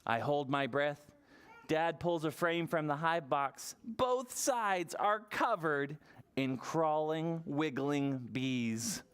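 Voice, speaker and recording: A children's librarian reading a picture book aloud at preschool story time, expressive and asking the children questions. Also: medium pitch, takes it slowly, clear, resonant tone.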